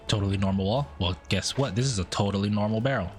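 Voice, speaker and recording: A man's voice: quick pace, soft background music. A man streaming a game, giving playful, casual commentary that is full of swearing. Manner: playful, swears often, swings his pitch.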